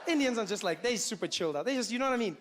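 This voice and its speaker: A male stand-up comedian performing a routine in an animated way, full of "you know" asides. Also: high voice, very fast.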